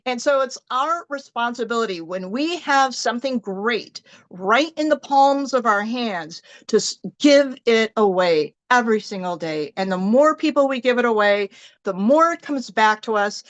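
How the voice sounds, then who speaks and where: A middle-aged woman giving an animated motivational team talk, acting out her own thoughts as she tells stories. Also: fairly high pitch, moderate pace. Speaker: team leader in direct sales.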